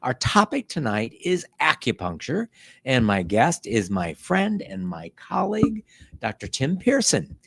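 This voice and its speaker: A man's voice: on the high side, big pitch swings, unhurried, vocal fry, slightly rough. An older man who is a medical director, hosting a casual interview with friendly, short questions.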